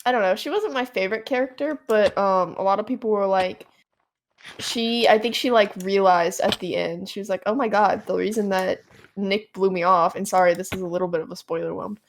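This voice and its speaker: A woman co-hosts a casual podcast while gaming, her medium-pitched voice moving a little fast over a faint hiss or hum. She rambles with lots of fillers and restarts and laughs often.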